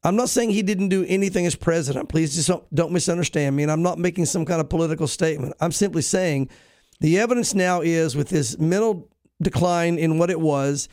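Brief: man, pastor and host, high pitched voice, dry close sound, preachy emphatic commentary. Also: fairly quick, darkish tone, no room sound. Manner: emphatic, preachy, with frequent restarts. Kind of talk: news reading and opinion commentary.

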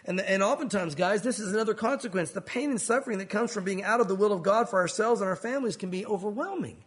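A man with a high-pitched voice delivers a sermon from the pulpit. He preaches earnestly and steps into the voices of the people in his story now and then. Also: fast talker. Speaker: pastor.

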